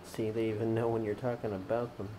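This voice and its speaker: A woman's voice: extremely low pitch, level tone, fast, warm tone, a little hiss or hum, rough recording. A woman filming her cats at home, chatting to them in a teasing way, cooing and cursing at them. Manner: teasing, coos and swears at the cats. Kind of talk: casual talk to pets. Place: at home indoors.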